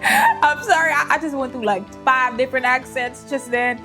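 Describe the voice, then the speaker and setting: A woman comments on a game as she plays, joking and talking back at the screen. Her voice is high and swings widely in pitch. Faint music plays behind her. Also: sing-song, normal speed. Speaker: gaming content creator. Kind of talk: gameplay commentary.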